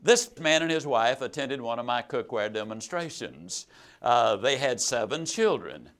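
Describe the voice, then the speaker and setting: A man telling a true story in a motivational sales talk, folksy and emphatic, swinging between loud and soft. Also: medium pitch, lively intonation, a little slow. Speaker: sales trainer and motivational speaker.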